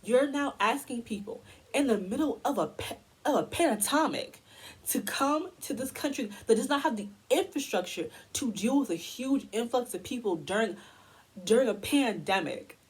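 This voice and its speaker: Husky woman ranting heatedly. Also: on the high side, lively intonation, normal speed, low-quality recording. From United States. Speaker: vlogger. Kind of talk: impromptu commentary rant.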